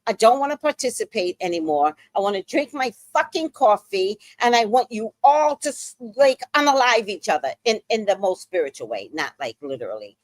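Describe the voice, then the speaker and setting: A woman's voice: medium pitch, expressive, moderate pace, hardly any pauses, no room sound. A woman giving blunt, profane, angry celebrity gossip commentary as a show host.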